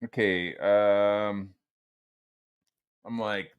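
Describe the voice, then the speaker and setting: A man's voice: lowish voice, big pitch swings, normal speed, fairly bright tone. A young man streaming a solo rant, swearing constantly and mocking his critics in a heated, sarcastic way. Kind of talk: profane rant.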